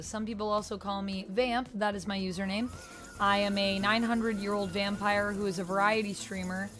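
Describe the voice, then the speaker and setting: Chatty woman streamer reading chat. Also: mid-range voice. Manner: chatty, reads chat messages aloud, soft-spoken. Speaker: variety streamer. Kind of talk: casual livestream commentary.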